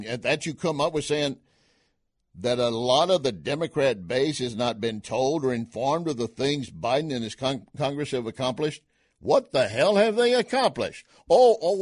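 A man's voice: medium pitch, no room sound, studio quality. A man hosting a political talk radio show, folksy and sarcastic, scoffing at his opponents.

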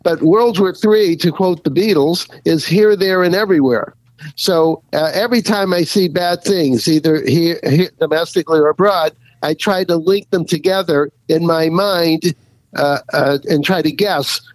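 A man's voice: fairly high pitch, normal speed, dry recording, rough recording. A man interviewed as an author, answering at length with lots of fillers and restarts. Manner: rambling, many fillers and restarts, chuckles. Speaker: author and guest.

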